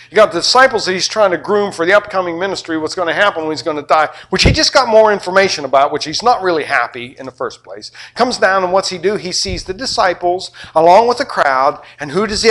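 A man preaching a sermon, animated, acting out scenes and shifting between loud and soft. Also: high-pitched, brisk. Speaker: pastor.

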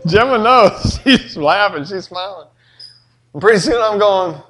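A man's voice: sits high, expressive, slow pace, pushed and bright. A middle-aged man, preaching a sermon in a folksy, joking storytelling way. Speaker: pastor.

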